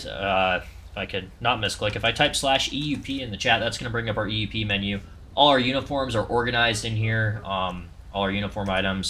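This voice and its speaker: A man's voice: fairly low pitch, bright, forceful tone. A man casually narrating a walkthrough of a game server he helps build, in a loose, rambling way with lots of ums and restarts. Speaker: server developer showing off his game server.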